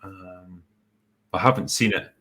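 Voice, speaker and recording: Laid-back man with a low voice. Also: fairly even intonation, a bit bright, breathy edge. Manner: laid-back, halting with many ums, wry. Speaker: host. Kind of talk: casual chat reading superchats.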